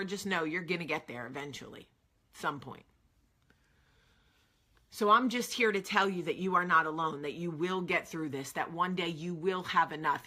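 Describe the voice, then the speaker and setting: A woman's voice: lowish voice, pushed and bright. A woman hosting an advice vlog, earnest and direct, repeating phrases for emphasis. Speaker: vlog host.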